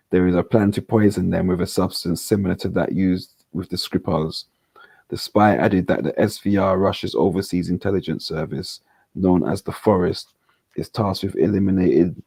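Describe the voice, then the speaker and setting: A man's voice: low-pitched, vocal fry, dark tone, slightly rough, no echo. A man reading a news article aloud on a panel chat, stumbling over names and making jokey asides. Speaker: panel host.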